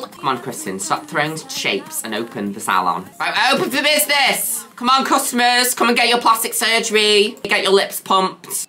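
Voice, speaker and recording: A woman's voice: expressive, moderate pace, hardly any pauses, bright, forceful tone, soft background music. A woman hosting a gaming video, theatrical and camp, full of playful catchphrases. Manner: swoops between high squeals and low drawls. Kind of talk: casual gameplay commentary.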